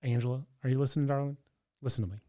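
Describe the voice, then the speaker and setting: A man's voice: medium pitch, steady tone, rapid-fire, warm tone, natural voice. A man on a podcast doing an affectionate put-on Southern accent, drawling and doting as he pays a compliment. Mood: sweet, doting. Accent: put-on American Southern. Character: doting male Southern charmer, sweet-talking and gentle. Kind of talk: podcast banter.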